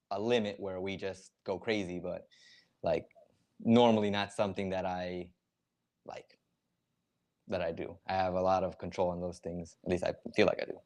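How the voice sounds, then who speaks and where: A man with a fairly low voice talks casually on a live reaction stream. He explains slang step by step and leans on filler words as he goes. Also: darkish tone.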